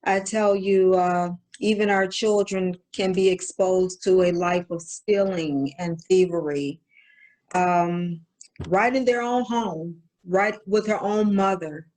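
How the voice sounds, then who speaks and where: A woman's voice: on the low side, steady tone, slow pace, darkish tone. A woman minister teaching a sermon in a conversational, emphatic way. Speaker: assistant pastor.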